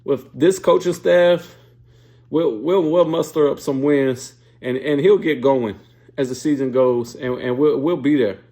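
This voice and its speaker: A man's voice: medium pitch, a little slow, dark tone. A man hosting a sports show, giving blunt, profane, fired-up casual opinion commentary.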